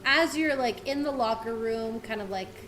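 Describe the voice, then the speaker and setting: A woman's voice: a little high, normal speed, background noise. Chatty woman game master. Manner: chatty, filler-heavy narration. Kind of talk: narrating a tabletop game.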